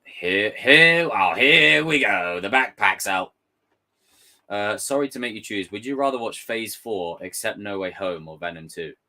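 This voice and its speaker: Here a male streamer goes through his chat live, casual in tone, launching into animated, fed-up rants full of swearing. His voice is lowish and his pace unhurried.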